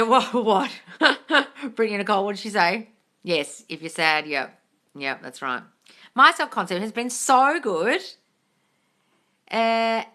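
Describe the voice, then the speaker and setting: A woman hosting a live manifesting Q&A stream, reading viewer comments aloud in casual chat. She swears freely, calls her viewers darling and breaks into gushing bursts of excitement. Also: on the high side.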